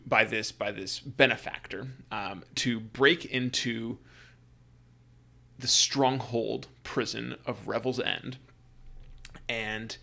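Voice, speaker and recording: A man acting as game master, narrating a tabletop adventure in a halting, friendly way with many restarts. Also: medium pitch, gravelly, pushed and bright.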